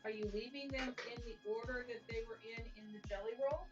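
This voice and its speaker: A woman's voice: on the high side, fairly even intonation, brisk, lo-fi sound, music in the background. An older woman joining a sewing stream as a guest, asking lots of questions to clarify. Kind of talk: casual chat.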